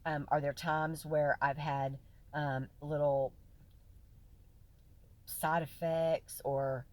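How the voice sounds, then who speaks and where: A woman's voice: low-pitched, flat delivery, drawn-out words, darkish tone. A woman vlogging casually to her followers, chatty and folksy, often swinging between laughing and tearful. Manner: chatty, folksy, lots of fillers and "y'all". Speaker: vlogger sharing her health journey. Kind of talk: casual direct-to-camera chat.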